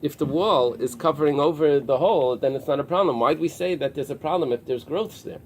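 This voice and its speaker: A man teaching a Talmud class, pausing and restarting often as he explains the text. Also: a little high, slight background noise. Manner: explains in halting restarts with many fillers. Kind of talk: early-morning Talmud class. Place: synagogue study room with a small group.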